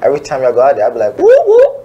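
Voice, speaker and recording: A man's voice: medium pitch, rapid-fire, highs cut off, slight background noise. A man, a guest drummer, telling a funny story on a radio show, laughing and acting out the people he quotes. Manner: animated, laughing storyteller who acts out quotes. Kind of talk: casual storytelling.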